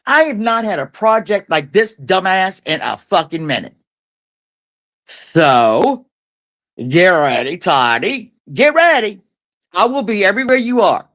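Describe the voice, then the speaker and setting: A guest on a livestream, a woman, tears into someone in a profane, taunting rant. Her voice is bright and sharp, and it swings up and down constantly as she talks. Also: mid-range voice.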